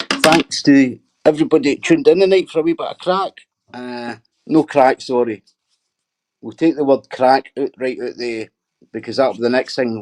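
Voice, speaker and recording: Sweary man mocking his livestream chat. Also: mid-range voice. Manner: sweary, mocking banter with viewers. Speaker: livestream host reading viewer comments.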